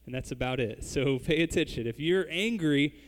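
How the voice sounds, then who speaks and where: A man's voice: fairly high pitch, lively intonation, moderate pace, in a large hall, slight background noise. A man preaching a sermon, speaking conversationally and addressing the congregation directly. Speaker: pastor.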